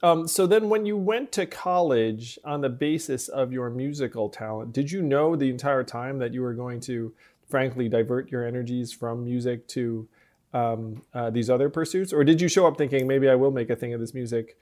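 A man interviewing a guest, asking curious questions in a measured, casual way. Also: medium pitch, a little mellow.

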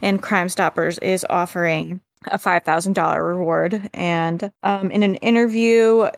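A woman's voice: lowish voice, steady tone, measured pace, creaky, dry recording. A woman co-hosting a podcast, chatting casually and reading out case details. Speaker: podcast co-host. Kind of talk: casual chat.

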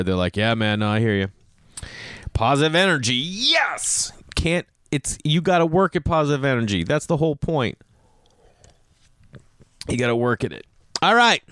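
A man's voice: medium pitch, clear, resonant tone, no room sound, studio quality. A man in his thirties hosting a podcast, telling stories in a casual monologue, acting out dudes and kids with raised voices. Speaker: podcast host.

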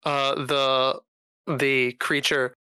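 A man narrates the scene as game master, taking his time and pausing on fillers. His voice is bright and smooth. The recording is close and dry. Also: mid-range voice, little pitch movement, no echo, rough recording. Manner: halting, filler-heavy narration.

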